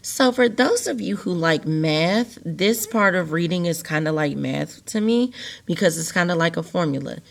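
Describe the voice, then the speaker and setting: A young woman teaches a recorded lesson to children in a patient, sing-song manner, repeating her key points. Her voice sits on the lower side for a woman. It sounds like it was picked up by a laptop microphone. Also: expressive, normal speed, creaky. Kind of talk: recorded video lesson on syllables.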